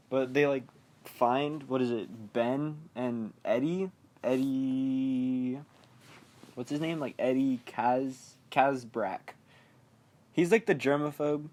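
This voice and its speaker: A young man rambling through a film recap on his podcast. He talks loosely, with lots of fillers, and keeps slipping into quick mock quotes of the characters. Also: medium pitch, fairly even intonation, a little mellow. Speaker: podcast host.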